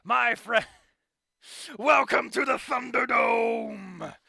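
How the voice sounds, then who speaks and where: A man voicing a young female raptor fire performer, announcing loudly like a showman. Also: extremely high pitch, very slow, creaky, breathy edge, no echo, clean studio sound, pitched above the performer's own voice, exaggerated voice. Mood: triumphant.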